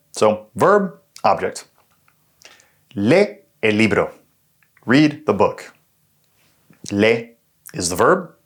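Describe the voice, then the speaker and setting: A man teaching a language lesson, explaining sentences patiently and step by step. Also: lowish voice. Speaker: Spanish teacher.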